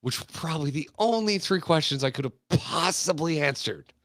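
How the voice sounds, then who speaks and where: A man's voice: a little high, lively intonation, normal speed, fairly bright tone, no room sound, studio quality. An American man from Florida hosting a podcast, telling stories in a rambling, laid-back way, laughing and swearing casually. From Florida, United States. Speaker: podcast host.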